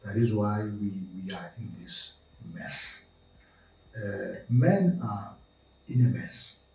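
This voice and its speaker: A man's voice: lowish voice, lively intonation, takes it slowly, creaky, mellow. A man speaking passionately as a podcast guest, emphatic and preaching, building his points through repeated lists. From South Africa. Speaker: podcast guest, movement founder. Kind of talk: passionate interview talk. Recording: roomy room, distant mic.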